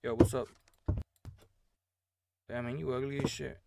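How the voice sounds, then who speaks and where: A man giving casual, crude, joking commentary while playing a game, often trailing off into quiet mumbled asides. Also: mid-range voice, steady tone, unhurried, vocal fry, heavy background noise. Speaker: gaming streamer.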